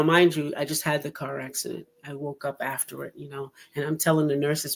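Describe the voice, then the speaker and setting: A woman's voice: low-pitched, fast talker, vocal fry, hardly any pauses. A woman hosting a podcast in casual chat, telling her story with lots of laughter and acted-out quotes. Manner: animated storyteller who laughs often and acts out quotes. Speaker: podcast host.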